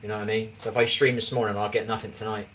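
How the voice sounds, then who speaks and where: A man's voice: on the low side, level tone, rapid-fire, fairly bright tone. A man in his forties with an English accent, chatting casually on a livestream and rambling as he keeps asking if you know what he means. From England. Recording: distant mic with faint background noise.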